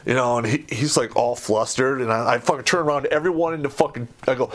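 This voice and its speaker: A middle-aged American man spins a foul-mouthed yarn in blunt, casual talk. His voice sits at an ordinary pitch for a man, and it jumps up loud and animated whenever he acts out the scene. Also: fast talker, few pauses. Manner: blunt, swearing, animated when reenacting. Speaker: podcast host. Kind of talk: profane storytelling.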